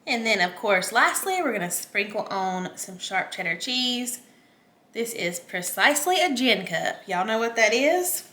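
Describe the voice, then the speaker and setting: Chatty female cooking host, friendly giggly delivery, slightly high pitch. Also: very animated, measured pace, background noise. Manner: chatty, giggly, talks to viewers as y'all. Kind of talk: casual cooking demo chat.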